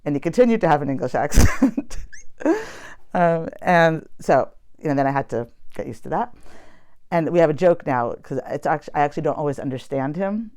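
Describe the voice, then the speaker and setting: A woman's voice: low-pitched, animated, fairly quick, darkish tone. An American woman, a poet and academic, telling a personal story in a chatty, reflective way with many fillers. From United States.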